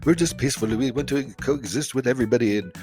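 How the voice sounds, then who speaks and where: A man's voice: mid-range voice, fast talker, darkish tone, lightly acted. A man doing a mocking put-on voice with an Irish accent, parodying an imagined pious speaker.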